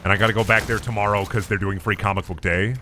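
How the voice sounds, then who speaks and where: A man streaming a game, chatting in an animated, rambling, profane way. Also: lowish voice, fast, a little hiss or hum. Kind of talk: casual livestream gameplay chat.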